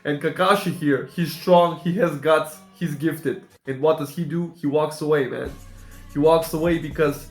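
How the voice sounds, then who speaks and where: Talk as a high-voiced man reacting to an anime. Be emotional and exclamatory, in an echoey room. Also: fairly even intonation, normal speed, soft background music. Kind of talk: casual reaction commentary.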